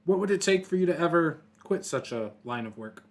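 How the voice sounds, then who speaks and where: A man's voice: a little high, animated, brisk. A man playing a tabletop role-playing game, asking wry, probing questions in character. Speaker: player.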